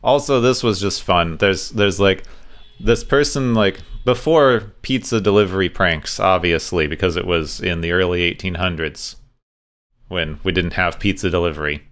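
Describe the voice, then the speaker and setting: A man co-hosts a casual podcast, sharing bits of trivia in an easygoing way. His voice sits on the low side. It sounds smooth and clear. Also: moderate pace. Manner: relaxed, recounts trivia with fillers. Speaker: podcast co-host.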